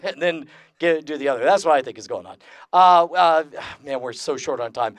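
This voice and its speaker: A man's voice: a little high, animated, moderate pace, no room sound. A man giving a live convention lecture to an audience in a casual, jokey, profane way, with lots of filler sounds. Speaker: lecturer and magician. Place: convention talk before an audience.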